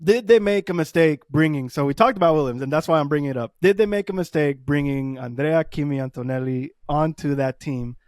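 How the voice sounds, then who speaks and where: A man co-hosting a podcast in casual chat, excitable and quick to laugh. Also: fairly high pitch, dry recording, clean studio sound. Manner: excitable, laughs often, fast bursts. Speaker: podcast co-host.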